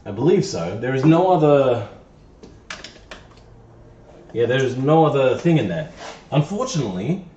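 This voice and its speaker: A man's voice: medium pitch, very animated, normal speed, pauses often, dark tone, a little hiss or hum. A man live-streaming while he works on a car, talking to himself in a playful, self-mocking way. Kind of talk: casual live-stream chatter while working. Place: garage or workshop. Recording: echoey, dull sound from a distant mic.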